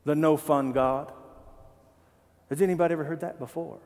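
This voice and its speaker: A man pastor preaching a sermon in a church, animated and joking, asking the congregation questions. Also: on the high side, normal speed, big-room sound. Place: church sanctuary.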